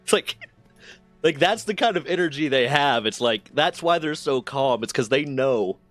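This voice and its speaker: A man's voice: medium pitch, animated, normal speed, a bit bright, no echo, faint music behind. A man hosting a stream, chatting casually and telling stories with frequent restarts and swearing. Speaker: streamer host. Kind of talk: casual chat.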